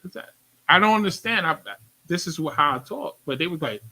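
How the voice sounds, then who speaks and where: A man's voice: on the high side, expressive, a little fast, bright, forceful tone, low-quality recording. A man with a New York accent hosting a radio interview, chatting casually in slang and repeating his phrases. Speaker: radio show host.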